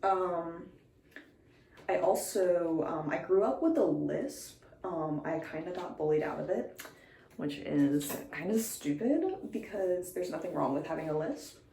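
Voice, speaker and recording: Young woman vlogger, low voice, echoey room. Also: a little slow, dark tone, recorded from a distance, a little hiss or hum. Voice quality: occasional slight lisp. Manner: rambling, many fillers and restarts. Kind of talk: casual chat. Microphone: phone camera.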